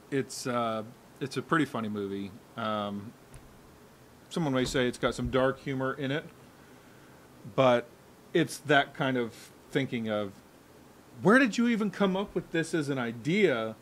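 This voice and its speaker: A man's voice: mid-range voice, measured pace, long pauses, slight background noise. A man co-hosting a podcast, telling stories in casual chat and laughing often. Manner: animated storyteller, laughs often. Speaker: podcast co-host.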